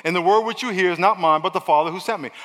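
A middle-aged man preaching in a big church hall, his voice slightly high and very bright. He switches between fiery shouting and relaxed, chatty asides. The sound reverberates long through the hall. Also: racing. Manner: energetic preaching, swinging from loud shouts to quiet asides. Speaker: pastor. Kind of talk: sermon. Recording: long echo of a large hall.

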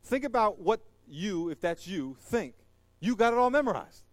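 A middle-aged male pastor preaching a sermon. He swings between loud, high exhortation and hushed closing prayer. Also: very animated, normal speed, no room sound.

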